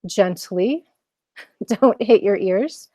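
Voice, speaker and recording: A woman's voice: medium pitch, expressive, very slow, mellow, dry recording, clean studio sound. A woman leading a live online mindfulness lesson for children, encouraging them and asking many questions. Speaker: mindfulness teacher.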